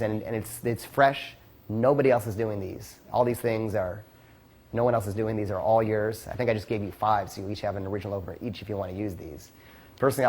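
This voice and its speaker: A man's voice: on the low side, darkish tone. A man teaching a casual seminar as a dating coach, rambling with lots of "like" and "you know" and the odd curse.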